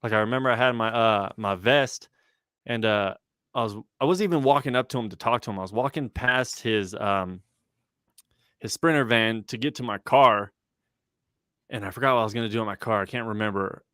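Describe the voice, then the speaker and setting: A man's voice: lowish voice, a little fast, fairly bright tone, clear, resonant tone, no room sound, clean studio sound. Laid-back young man, slangy storyteller. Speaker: rapper and guest. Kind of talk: casual chat on a livestream podcast.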